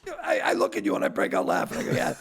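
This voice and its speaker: An older man, a comedian guest, telling stories in casual chat, acting out dialogue in quick bursts with a gravelly, husky voice. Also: a bit bright.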